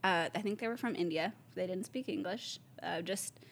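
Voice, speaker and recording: Animated woman telling stories. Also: lowish voice, moderate pace. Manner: animated storyteller, acts out quoted voices, laughs often. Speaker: store owner telling stories. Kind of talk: casual chat.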